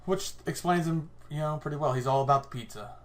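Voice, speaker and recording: A man's voice: on the high side, fast talker. A man co-hosting a podcast in casual chat, thinking aloud and laughing often. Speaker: podcast co-host.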